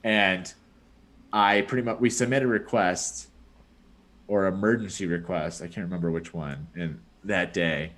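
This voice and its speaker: A young man with a lowish voice chats casually on a podcast. He rambles through a story, stacking fillers like "like" and "dude" as he goes. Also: fairly even intonation, a little slow, a bit bright. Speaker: podcast host. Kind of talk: casual chat.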